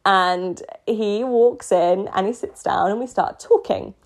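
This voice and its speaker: A woman's voice: mid-range voice, slow. A young woman with a British accent, telling a personal story in a casual, self-mocking way and often laughing. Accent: British English.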